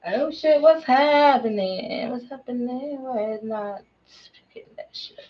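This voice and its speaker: A woman talking casually in an excited vlog, exclaiming and trailing off into murmurs. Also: high-pitched, slow pace, lo-fi sound. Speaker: vlogger.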